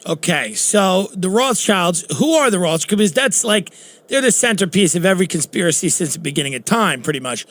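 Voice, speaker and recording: A man hosts a casual podcast conversation with a notably high voice. He asks questions skeptically and talks loosely, circling back to rephrase. His tone stays conversational throughout. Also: lively intonation, a little fast, a bit bright. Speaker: host.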